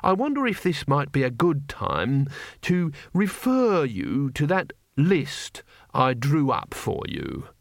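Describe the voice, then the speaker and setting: A man's voice: on the high side, huge pitch swings, creaky, no echo, clean studio sound, heavily acted. Man doing a prim pedantic teacher. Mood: lecturing. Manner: precise, prim, slow and deliberate. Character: prim fussy male schoolteacher, pedantic and proper.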